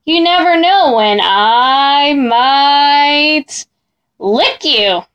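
A woman's voice: high-pitched, expressive, very slow, a bit bright, highs cut off, heavily acted. A woman doing a slurping, scruffy monster. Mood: slobbery, whiny. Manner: slurping, whiny, mock-menacing. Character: big scruffy slobbering boy monster.

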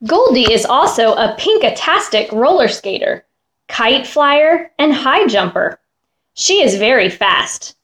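A woman reading a children's picture book aloud with an expressive, animated delivery. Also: high voice, takes it slowly, echoey room. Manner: expressive, lively character voices. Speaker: storybook reader. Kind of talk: children's storybook read-aloud.

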